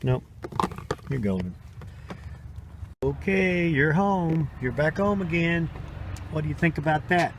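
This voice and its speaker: A man's voice: on the high side, lively intonation, slow pace, long pauses, slight background noise. An older man filming a casual home video, chatting and coaxing his baby granddaughter as he talks to her.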